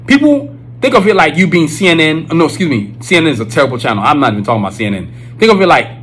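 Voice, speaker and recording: A man's voice: fairly high pitch, sing-song, racing, a bit bright, a little hiss or hum, low-quality recording. A male podcast host giving an emphatic, preachy casual monologue, full of filler phrases.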